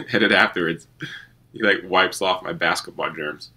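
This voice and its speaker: A man's voice: deep voice, normal speed, husky. A man giving casual, joking commentary on a sports video game as a YouTuber. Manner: joking, excitable, chatty. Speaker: gaming YouTuber.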